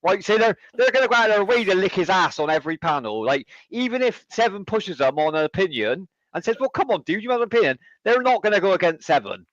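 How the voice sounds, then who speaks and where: A man in casual chat on a panel, blunt and sweary, telling animated stories. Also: high voice, fast, hardly any pauses, no echo. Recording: dull lo-fi dry sound.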